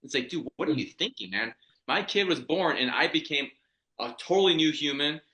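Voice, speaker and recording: Bright, blunt man in an echoey room. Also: a little high, lively intonation, brisk. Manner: blunt, profane, laughs easily. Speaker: podcast co-host. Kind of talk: casual podcast chat.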